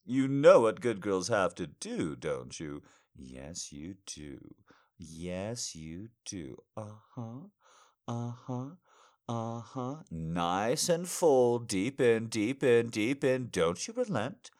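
A man speaking an intimate roleplay monologue straight to the listener, murmuring low, teasing and commanding. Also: very animated, slow. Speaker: audio roleplay narrator.

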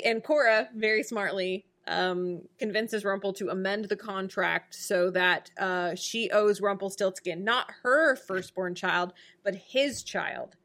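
A woman in casual chat, quickly retelling a TV episode's plot and picking at its logic. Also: mid-range voice, fairly bright tone.

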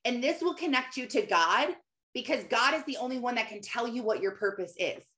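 A woman's voice: on the high side, expressive, brisk, pushed and bright. A woman in her thirties giving casual, encouraging faith-based coaching, chatting to viewers by name and laughing often. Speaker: Christian mentor hosting a live session.

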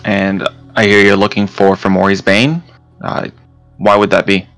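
A man voicing a formal, measured werewolf who uses slightly archaic wording in a tabletop game. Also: on the low side, level tone, fairly bright tone, dry recording, soft background music. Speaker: player.

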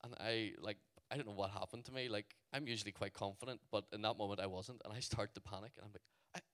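A man with a Northern Irish accent, telling a story to a youth audience in an animated way, full of "like" fillers. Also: on the low side, fast talker, clear, resonant tone. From Northern Ireland. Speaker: youth event speaker.

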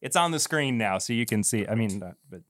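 A man's voice: on the low side, lively intonation, fairly quick, a bit bright, dry recording. Chatty male podcast host, dry close mic. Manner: chatty, jokey, laughs often. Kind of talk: casual podcast chat.

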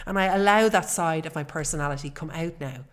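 Woman, forties, podcast host, earnest chatty monologue, slightly low voice. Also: fairly quick. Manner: warm, earnest and chatty, with fillers.

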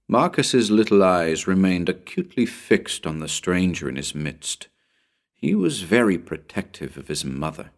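Deep-voiced man narrating suspensefully. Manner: dramatic, suspenseful storytelling. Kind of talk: scripted audiobook narration.

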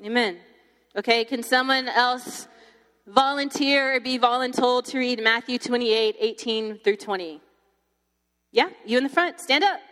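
A young woman giving her testimony to a campus ministry group, telling it in a chatty, animated way with lots of fillers. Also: fairly high pitch, measured pace. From Texas. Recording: long hall reverb.

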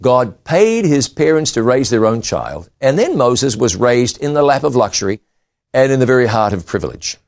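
A man preaching a sermon, reading scripture aloud and retelling it with lively rises and drops in pitch and volume. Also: moderate pace. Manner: expressive Bible reading with shifting pitch and volume.

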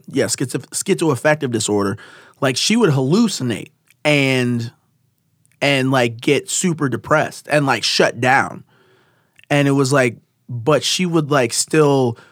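A man's voice: mid-range voice, a bit bright, no echo, studio quality. A man chatting casually, rambling with many fillers and restarts. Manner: rambling, lots of fillers and laughs. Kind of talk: casual podcast chat.

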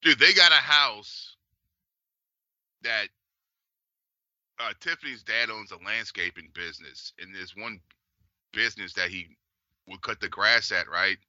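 A man's voice: on the low side, unhurried, pauses often, sharp tone, no echo. A man chatting casually on a podcast, blunt and heavily profane, with slangy reactions. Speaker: podcast co-host. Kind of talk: casual chat. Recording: dull, slightly lo-fi dry studio sound.

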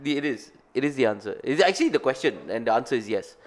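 A young Malaysian man with a Malaysian English accent, co-hosting a comedy podcast and bantering with quick comebacks. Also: medium pitch, expressive. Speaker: podcast co-host. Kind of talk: casual comedic chat.

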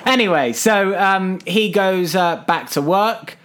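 Animated high-voiced man recapping a film. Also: slow. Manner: animated, acts out characters' lines in pitched-up voices, swears casually. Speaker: film podcast co-host. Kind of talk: casual film recap chat.

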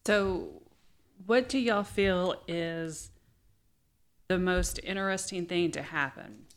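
Interviewer, slow pace, smooth clear voice, casual questions. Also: medium pitch.

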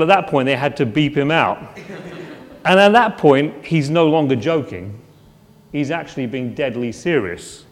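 A man's voice: a little high, expressive, unhurried. Conversational male preacher in a reverberant hall. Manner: conversational, with frequent restarts and rhetorical questions. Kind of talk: sermon.

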